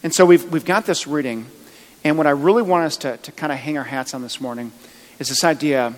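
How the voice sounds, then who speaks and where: A man's voice: a little high, fairly bright tone, long reverb tail, rough recording. A man preaching a sermon as pastor, chatty, with joking asides. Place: church.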